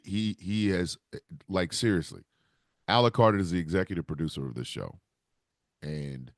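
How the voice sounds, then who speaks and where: A man's voice: deep voice, creaky, fairly bright tone, no room sound, clean studio sound. A man hosting a podcast in a casual, rambling and heartfelt way, often restarting his sentences. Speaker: podcast host. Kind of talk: casual solo talk.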